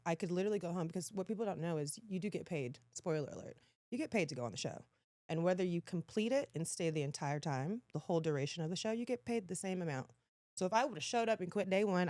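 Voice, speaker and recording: A woman in her thirties tells stories as a podcast guest, lively and quick to laugh. Her voice sits a little low for a woman. The sound is close and dry on a studio mic. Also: dry recording. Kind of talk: casual chat, animated storytelling.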